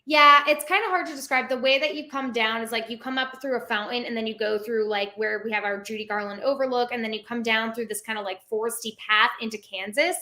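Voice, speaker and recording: Young woman, slightly high, very bright voice, chatty, lots of fillers, casual interview. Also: steady tone, fast, hardly any pauses. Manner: chatty, many "like" fillers, laughs often. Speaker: theme park performer, interview guest.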